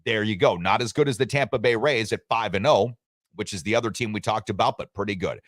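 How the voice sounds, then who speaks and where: Radio host, man, joking and rambly, lowish voice, dry studio sound. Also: fast, no room sound. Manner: joking, rambling, reads listener messages aloud. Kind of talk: casual sports talk radio chat.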